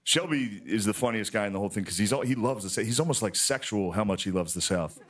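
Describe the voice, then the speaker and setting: A man doing a stand-up monologue on a television studio stage, animated and jumping up in pitch to mock things. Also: fast talker. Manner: animated, jumps up in pitch when mocking. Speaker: stand-up comedian.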